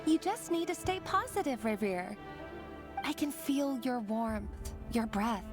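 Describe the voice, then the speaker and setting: An actress playing a gentle, devoted young woman who comforts her partner softly and slowly. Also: fairly high pitch, lively intonation. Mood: tender. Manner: soft and slow. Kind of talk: game voice acting. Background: game soundtrack music.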